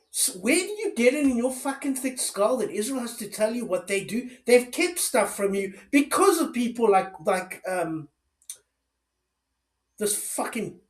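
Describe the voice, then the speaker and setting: A man giving an angry political rant, swearing heavily and firing off sarcastic rhetorical questions. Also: very high-pitched. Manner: furious, heavy swearing. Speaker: political commentator. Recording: roomy echo.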